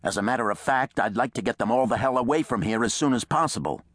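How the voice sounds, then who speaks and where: A man voicing an indignant old male professor who argues forcefully and emphatically, in an audiobook. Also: lowish voice, big pitch swings, normal speed, dry recording. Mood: furious.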